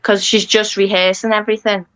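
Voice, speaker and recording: A woman taking part in a dog-training lesson, mostly answering in short, agreeable phrases. Her voice is bright and crisp. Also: mid-range voice, flat delivery, fairly quick. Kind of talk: casual coaching chat.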